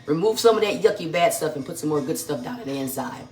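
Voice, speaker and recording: Speaking quickly and with animation at a medium pitch, this home cook hosts a live vegan cooking stream. They taste the food while gushing to viewers, occasionally talking with a full mouth, in a kitchen that echoes and has faint music in the background.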